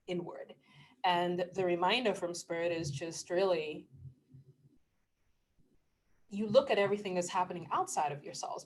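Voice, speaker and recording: A middle-aged woman vlogger talking casually about spiritual matters, earnest and emotional, often laughing mid-sentence and sometimes dropping to a hushed near-whisper. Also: on the low side. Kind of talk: casual spiritual talk to camera.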